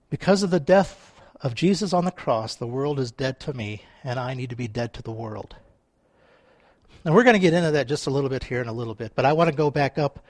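High-pitched male preacher, conversational and playful, recorded dry and close. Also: dry recording. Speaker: pastor. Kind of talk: sermon.

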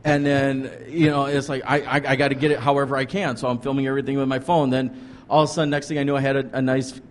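There's a little hiss or hum behind this man's fast, mid-range, level-toned voice. He's a pastor and ministry leader on as a guest, earnestly rambling through his ministry story with frequent restarts and "like" fillers.

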